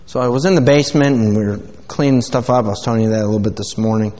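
A man's voice: lowish voice, racing, mellow. A man, giving an informal sermon and prayer in a church, rambling and folksy with many fillers. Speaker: pastor. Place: church sanctuary. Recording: dull sound with hall reverb.

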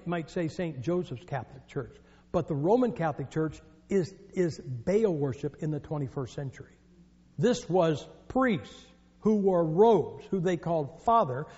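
High-pitched with a darkish tone, a preacher from the northern U.S. tells jokes and stories during his sermon, his delivery emphatic. It's recorded in an echoey hall with dull lo-fi quality.

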